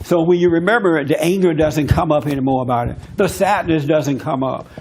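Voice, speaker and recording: A man's voice: fairly high pitch, a little fast, a little mellow, slight background noise. A man, hosting a radio talk about faith and forgiveness in an earnest, preacherly way with many rhetorical questions. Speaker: radio show host. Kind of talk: faith-based advice talk.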